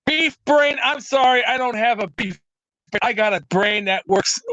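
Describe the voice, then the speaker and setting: Brash caller, very high and bright, loud rambling tough-guy bluster on a dull lo-fi internet line. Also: a little slow, no echo. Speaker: show caller. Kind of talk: comedic call-in rant. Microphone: remote internet call. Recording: lo-fi internet call audio.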